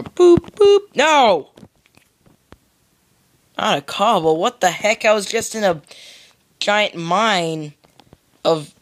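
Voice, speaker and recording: A man's voice: on the high side, a bit bright. Rambling young American guy gaming. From United States. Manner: rambling, goofy, makes silly "boop" noises. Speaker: gamer. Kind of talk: casual gameplay commentary.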